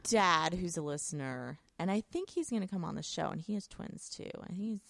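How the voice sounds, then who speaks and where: Gravelly, lively-pitched woman chatting. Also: normal speed, dry recording. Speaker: podcast co-host. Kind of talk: casual chat.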